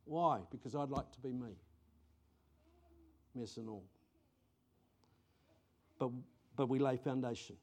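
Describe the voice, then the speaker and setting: Aussie pastor guy, chatty sermon, gets excited then goes quiet, middle-aged. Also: medium pitch, slow, pauses often. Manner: conversational, animated storytelling with bursts of excitement.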